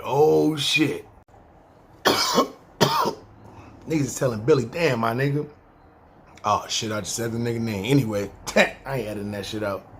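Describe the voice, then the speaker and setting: This New Yorker has a mid-range, fairly bright voice, recorded with a little hiss or hum. On his podcast he tells a long story casually and ramblingly in a New York accent, swearing freely and acting out others' words.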